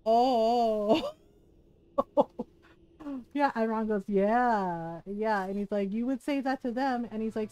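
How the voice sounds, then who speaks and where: A woman's voice: a little high, a little mellow, low-quality recording. A woman game streamer chatting casually to her live audience, candid and chatty, often laughing as she retells conversations.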